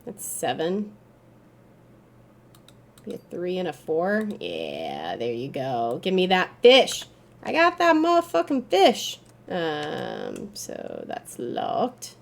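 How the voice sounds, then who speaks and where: A woman giving gameplay commentary, excitable and swearing freely, breaking into frustrated yells, then calmly explaining in a recap. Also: low voice, extremely slow, gravelly, slight background noise. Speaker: gaming YouTuber.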